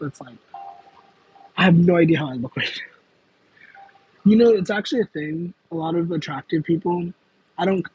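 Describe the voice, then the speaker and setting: A man's voice: a little high, husky, rough recording. A young man chatting casually on a livestream, answering viewer comments in a rambling, self-aware way. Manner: rambling, self-aware, with frequent fillers and laughs. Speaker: livestream host.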